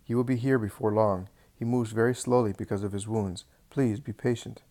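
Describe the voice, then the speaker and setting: A man's voice: fairly low pitch, fairly even intonation, moderate pace, warm tone, lightly acted. A man voicing a humble, devoted male beggar who eagerly tells how he helps a sick friend. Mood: earnest. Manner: earnest, eager storytelling.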